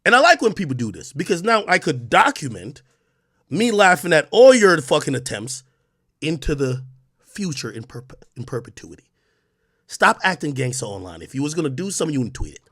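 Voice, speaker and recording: Brief: male streamer, higher-pitched, scornful rant, lots of swearing. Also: fairly quick, husky, dry recording, clean studio sound. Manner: mocking, profane, animated. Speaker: livestreamer.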